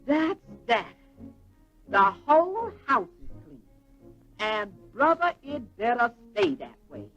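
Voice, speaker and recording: Scolding Southern housekeeper, high voice, slow drawl, old cartoon with music. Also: female voice, sing-song, fairly bright tone, breathy edge, dull audio, heavily acted. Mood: satisfied, stern. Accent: American Southern. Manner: bossy, scolding. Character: stern no-nonsense housekeeper woman, middle-aged. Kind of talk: 1940s cartoon voice acting.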